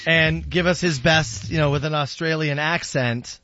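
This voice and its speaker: A slightly high male voice in relaxed, joking morning-radio banter. The sound is a bit dull, like a lo-fi broadcast. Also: moderate pace, a little hiss or hum. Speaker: radio morning show host. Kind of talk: casual radio chat.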